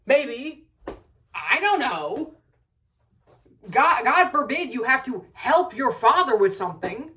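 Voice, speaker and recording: A woman's voice: high-pitched, very animated, slow pace, long pauses, fairly bright tone, far from the mic, a little hiss or hum, rough recording. A young adult woman telling a story at home in a casual rant, swearing a lot, exasperated and full of rambling asides. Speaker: vlogger.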